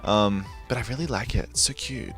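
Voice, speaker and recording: A man's voice: lowish voice, brisk, a bit bright. A man chatting and gushing in a rambling, giggly voice-over over a building game, with faint music behind him. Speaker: gaming video host. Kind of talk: casual voice-over over gameplay.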